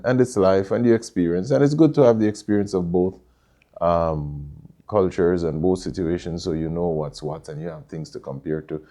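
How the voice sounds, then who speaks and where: A middle-aged man with a Jamaican accent, telling stories in a relaxed interview with many fillers and restarts. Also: low-pitched. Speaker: interview guest, Caribbean store owner. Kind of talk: casual conversational interview.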